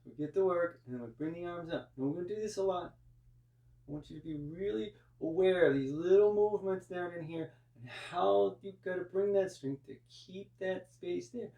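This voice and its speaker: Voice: mid-range voice, moderate pace, vocal fry, mellow, far from the mic, dull audio. A yoga teacher guiding a live class through breath and poses, with chatty asides. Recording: roomy, voice from off-mic.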